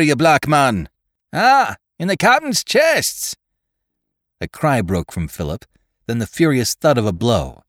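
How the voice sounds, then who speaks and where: A man reading a classic adventure story aloud as scripted narration, in a measured, expressive way. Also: sits low, no room sound, clean studio sound. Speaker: audiobook reader.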